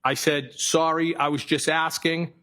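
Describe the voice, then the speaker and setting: A man testifying as a witness in a courtroom, reading messages aloud in a careful, flat way and sometimes correcting himself. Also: a little high, unhurried. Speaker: trial witness.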